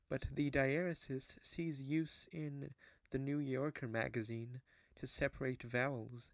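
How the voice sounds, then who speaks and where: A man narrates an explainer in a slow, measured way, his voice carrying a gravelly fry. The sound is dry and close, with no room around it. The recording is slightly dull and muffled. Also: mid-range voice, dry recording. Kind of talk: scripted narration.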